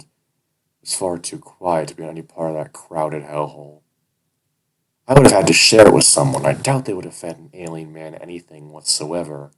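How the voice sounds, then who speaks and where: Very deep-voiced male audiobook narrator. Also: low-quality recording. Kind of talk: first-person fiction narration.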